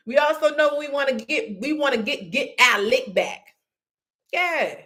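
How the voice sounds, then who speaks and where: Lively woman giving a faith pep talk. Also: on the high side, moderate pace. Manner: lively, conversational, addresses listeners as y'all and honey. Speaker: podcast host.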